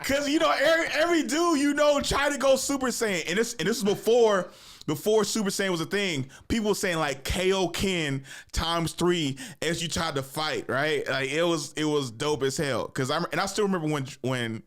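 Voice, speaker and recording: A man hosting a podcast in animated, profane casual chat, laughing often. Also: high-pitched, fairly quick. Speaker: podcast host.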